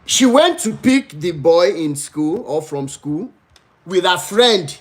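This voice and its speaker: Nigerian man, live-stream host, animated storyteller, pleading tone, swooping pitch. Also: takes it slowly. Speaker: livestream host.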